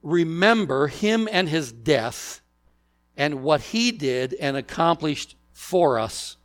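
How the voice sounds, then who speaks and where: A male pastor delivering a sermon at an unhurried, measured pace. His voice sits a little higher than most men's, and he leans on key words and poses questions for the congregation to answer. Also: big pitch swings. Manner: deliberate preaching, rhetorical questions to the congregation.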